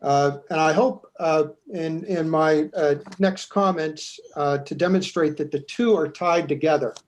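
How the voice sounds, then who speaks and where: A zoning board member at a public meeting, reading out and explaining building code in a deliberate, measured way with frequent pauses. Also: male voice, on the high side.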